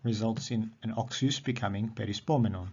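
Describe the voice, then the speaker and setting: A man teaching a recorded grammar lesson, explaining patiently and repeating words slowly. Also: on the low side, mellow, breathy edge. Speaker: Greek teacher. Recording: dull lo-fi audio.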